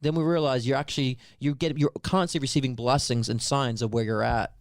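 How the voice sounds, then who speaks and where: Guest life coach, New York man, rapid animated delivery, dry close sound. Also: medium pitch, no echo. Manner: animated storyteller, acts out voices. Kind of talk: conversational podcast interview.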